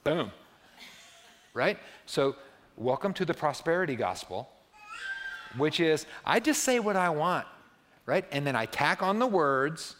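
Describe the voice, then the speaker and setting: A pastor in his sixties, speaking in a church sanctuary, preaches a conversational sermon that regularly adds "right?" and builds toward emphatic peaks. He sounds expressive and unhurried, his voice on the high side and fairly bright, with long church-hall reverb and slight background noise.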